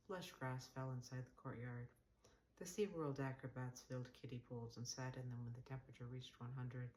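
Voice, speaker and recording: Very deep-voiced woman reading fiction. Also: poor audio. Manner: calm, measured, wry narration. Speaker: author reading her own novel. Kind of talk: audiobook-style fiction reading.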